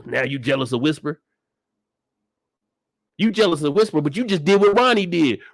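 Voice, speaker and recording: Animated high-pitched man ranting. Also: moderate pace, dry recording. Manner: loud, animated, profane ranting with big pitch swings. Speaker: channel host reacting to a TV episode. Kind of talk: casual reaction commentary.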